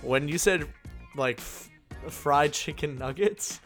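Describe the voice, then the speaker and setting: Giggly slangy young man, slightly high voice. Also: slow, fairly bright tone, soft background music. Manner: giggly, interrupting, slangy, self-mocking. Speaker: podcast co-host. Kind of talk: casual chat.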